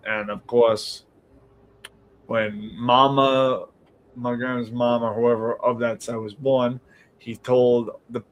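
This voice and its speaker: A man's voice: mid-range voice, a little hiss or hum, poor audio. Rambling Boston-accented man streaming. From New England. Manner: rambling storyteller, quotes others in lively voices. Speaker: livestream podcast host. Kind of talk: casual chat, reading viewer comments.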